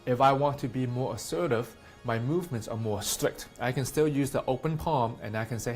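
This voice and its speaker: A man's voice: mid-range voice, moderate pace, hardly any pauses, soft background music. A man teaching public speaking tips in a casual talk to camera, often acting out example lines in a livelier, raised voice.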